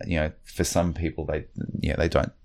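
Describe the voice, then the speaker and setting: Deep voiced aussie guy, middle aged, lots of ums and restarts, reflective interview chat. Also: flat delivery, moderate pace, creaky, a little mellow. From Australia. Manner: hesitant, many fillers and restarts. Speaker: guest.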